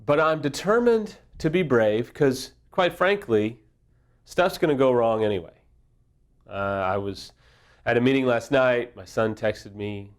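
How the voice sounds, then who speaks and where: A middle-aged man giving a candid, self-deprecating talk on recovery, mixing humor with open vulnerability. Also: medium pitch. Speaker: affair recovery speaker. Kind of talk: candid casual teaching talk.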